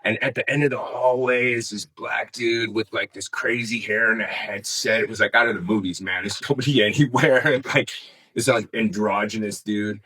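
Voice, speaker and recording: A man's voice: on the low side, fairly even intonation, moderate pace, pushed and bright, breathy edge, rough recording. A middle-aged man telling a story as an interview guest in casual, rambling talk, swearing freely and saying "man" often. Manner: rambling, laid-back, peppered with "man" and swearing.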